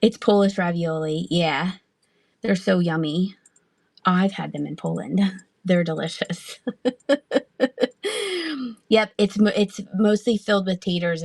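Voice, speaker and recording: A woman hosting a casual live-stream sale, chatty and quick to laugh as she answers the chat. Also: on the low side, creaky, dry recording. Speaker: online live-auction seller.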